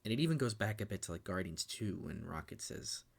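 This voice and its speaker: Gravelly deep-voiced young man recapping a movie. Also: lively intonation, fairly quick. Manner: emotional, swears freely, loose run-on retelling. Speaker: podcast co-host. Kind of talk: casual movie recap chat.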